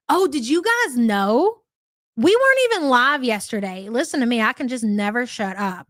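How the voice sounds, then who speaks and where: A woman's voice: a little high, fairly bright tone, no room sound, studio quality. A middle-aged woman hosting a live stream, chatting casually and rambling, with frequent profanity.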